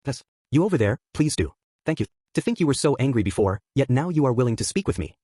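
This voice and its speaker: A male narrator voicing a woman cult leader who smothers everyone in sugary apologies and politeness. Her voice is husky and brisk, recorded dry and close. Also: medium pitch, big pitch swings, dark tone, no room sound. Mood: apologetic. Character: falsely polite female cult leader, unsettling.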